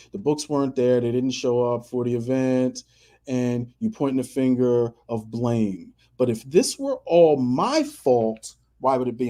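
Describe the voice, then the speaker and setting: A man's voice: medium pitch, mellow. A man hosting a motivational radio show, talking emphatically, repeating key phrases and acting out the people he quotes. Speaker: podcast host.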